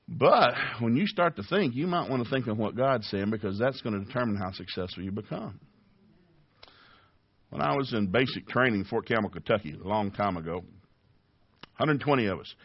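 Older male preacher, folksy storyteller with a mid-pitched voice, dry and slightly dull recording. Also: no room sound. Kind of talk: sermon. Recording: dull lo-fi audio.

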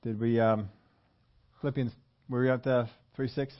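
A man preaching an animated sermon and asking his congregation questions. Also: medium pitch, normal speed, muffled recording. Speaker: pastor.

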